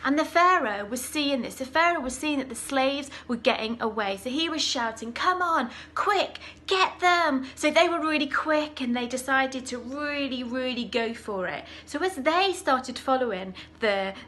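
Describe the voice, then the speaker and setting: Animated woman telling a Bible story to children. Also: high voice, moderate pace, hardly any pauses. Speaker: children's church leader.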